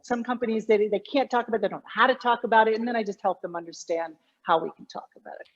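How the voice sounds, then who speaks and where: A woman's voice: on the high side, rapid-fire. Explanatory woman coach, lo-fi sound. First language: English. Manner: explanatory, emphatic, lively teaching tone. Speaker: communication coach, guest. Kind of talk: conversational interview.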